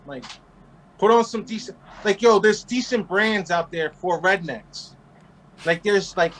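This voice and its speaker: Brash high-voiced man telling stories. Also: a little hiss or hum, low-quality recording. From Queens, New York. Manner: brash, profane, animated. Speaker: guest. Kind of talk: casual interview storytelling.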